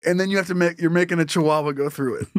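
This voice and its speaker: A man's voice: a little high, steady tone, a little fast, dry recording, studio quality. A man co-hosting a comedy podcast, chatting casually, laughing a lot and acting out scenes. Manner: laughs often, acts out voices with shouts. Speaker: podcast co-host.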